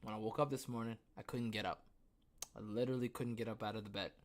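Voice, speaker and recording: A man's voice: fairly low pitch, fairly even intonation, quick pace. A man hosting his own podcast livestream, out of breath after the gym, rambling and talking to himself between topics. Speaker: podcast host. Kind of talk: casual livestream chat.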